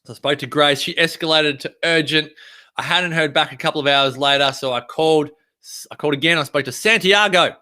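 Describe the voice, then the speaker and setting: An Australian man tells a story to camera in a casual, animated way. His voice sits a little high. The tone is bright and forceful. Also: a little fast. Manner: animated, chatty. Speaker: vlogger.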